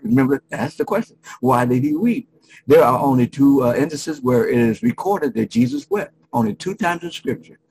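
A middle-aged male pastor preaching a sermon, emphatic, with dramatic pauses and frequent restarts. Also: medium pitch, sing-song, creaky, noisy background.

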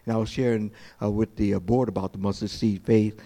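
A man preaching a sermon as pastor, jumping from slow, hushed quoted lines to high, lively preaching and often repeating his words. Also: vocal fry. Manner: repeats words and restarts phrases.

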